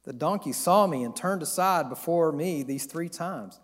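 Sword-bearing Bible-story angel, stern and admonishing, as a preacher voices him; high voice in a reverberant hall. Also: male voice, moderate pace, close to an everyday voice.

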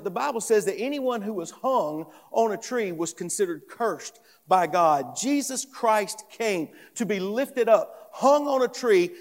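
A pastor preaching an earnest sermon, emphatic and often repeating phrases as he builds each point. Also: high-pitched. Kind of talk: expository sermon. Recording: long reverb of a large hall.

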